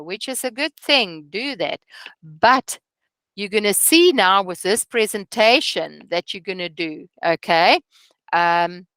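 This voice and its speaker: A woman's voice: medium pitch, sharp tone, no room sound. A middle-aged woman teaching real estate agents, earnest, often asking "okay?" and restarting her sentences. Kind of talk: training session lecture.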